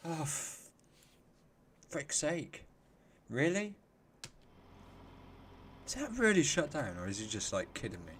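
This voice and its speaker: A man's voice: on the high side, huge pitch swings, takes it slowly, long pauses, a bit bright, slight background noise. Chatty man greeting stream viewers. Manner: chatty, greets viewers by name, laughs often. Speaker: livestream host. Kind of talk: casual live-stream chat.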